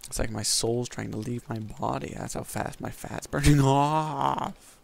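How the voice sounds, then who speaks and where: A man's voice: medium pitch, measured pace, creaky, slight background noise. A young man giving casual, rambling let's-play commentary over a video game, joking and mocking himself as he plays. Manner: rambling, self-mocking, jokey. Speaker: gameplay commentator.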